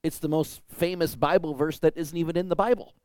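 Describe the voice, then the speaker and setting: A man's voice: a little high, steady tone, a little fast, a little mellow, smooth, no echo. A man preaching a sermon in a conversational way, acting out voices when he tells a story. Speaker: pastor.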